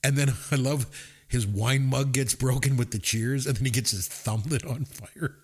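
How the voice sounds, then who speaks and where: A husky-voiced man in the middle of his range, co-hosting a movie podcast. He rambles, restarts his sentences and chuckles while he retells favourite scenes. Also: medium pitch, normal speed. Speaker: podcast co-host. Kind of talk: casual movie review chat.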